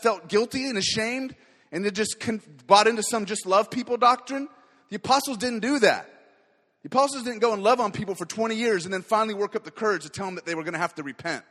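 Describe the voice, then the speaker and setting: A man preaches with fervent energy, dropping to quiet asides and then rising to loud declarations. His voice sits high for a man. The sound rings with the long reverb of a large hall. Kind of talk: sermon.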